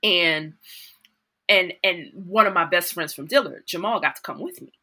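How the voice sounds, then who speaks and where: A woman's voice: on the low side, moderate pace, bright, forceful tone. A middle-aged woman with a New Orleans accent, telling stories as a guest in a casual interview, acting out quotes and laughing often. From New Orleans, USA. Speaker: guest actor.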